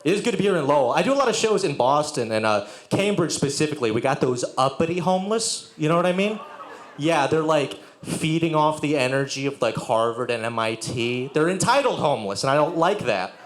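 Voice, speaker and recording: A man's voice: on the high side, animated, a little fast, slight background noise. A young man doing a sardonic stand-up set with crowd work and profanity at a live venue. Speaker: stand-up comedian. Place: live music venue with audience. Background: audience laughter.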